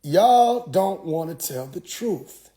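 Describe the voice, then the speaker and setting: A man telling a comedic story in blunt, profane, rapid-fire street talk. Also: fairly high pitch, lively intonation, warm tone.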